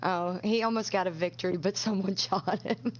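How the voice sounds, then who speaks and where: A woman's voice: medium pitch, steady tone, normal speed, dull audio, over a noisy crowd. A chatty woman talks over a headset on a casual live stream. She giggles often and keeps getting pulled off track mid-sentence. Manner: chatty, giggly, easily sidetracked.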